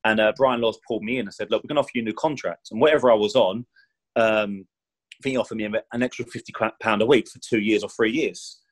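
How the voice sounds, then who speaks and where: Ex-footballer guy on a podcast, talks quick and loose, keeps saying "know what i mean". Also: on the low side, rough recording. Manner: rambling, chatty, fond of "do you know what I mean"; acts out quoted speech with raised voice. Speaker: former professional footballer, podcast guest. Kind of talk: casual storytelling interview.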